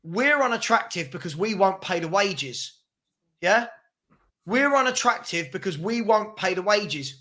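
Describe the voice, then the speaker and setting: A man's voice: sits high, bright, forceful tone. Chatty man hosting a football stream. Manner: chatty, argumentative, keeps urging viewers to subscribe. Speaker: channel host. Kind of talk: casual live-stream football chat.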